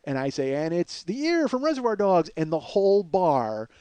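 A man telling a story as podcast host in an animated, profane, energetic way. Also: sits high, moderate pace, smooth, no room sound.

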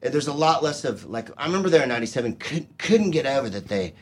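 A man's voice: mid-range voice, sing-song, quick pace, husky. A man from California telling loose stories in casual podcast chat, laughing often.

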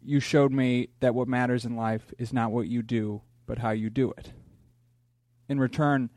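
A man's voice: mid-range voice, steady tone, normal speed, darkish tone, dry recording, clean studio sound. A man who is a comedian, earnestly reading a heartfelt letter aloud.

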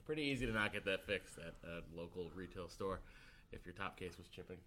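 A man co-hosting a casual podcast who speaks quietly and drops dry asides. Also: sits low, a little fast. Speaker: podcast co-host.

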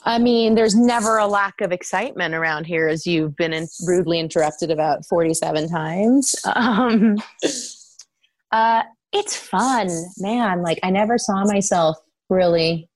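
Lively laughing woman, dry close sound. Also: unhurried, no echo. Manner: animated storyteller, laughs often, pitch jumps when quoting. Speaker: soap opera actress guest. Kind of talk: casual interview chat.

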